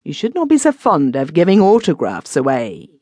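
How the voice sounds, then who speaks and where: A man doing Jem Benson, a stern, curt gentleman. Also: on the high side, huge pitch swings, normal speed, breathy edge, no echo, pitched above the performer's own voice, exaggerated voice. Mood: blunt. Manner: blunt, fierce.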